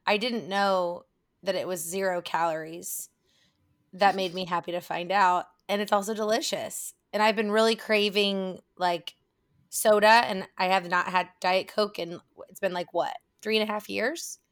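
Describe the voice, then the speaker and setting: A woman co-hosting a podcast, talking in loose, rambling chat. Her voice has a slight rasp and grit to it, and she laughs often between thoughts. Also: mid-range voice, fairly even intonation, normal speed, a bit bright. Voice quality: slightly raspy, gritty tone right now. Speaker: podcast co-host. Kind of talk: casual chat.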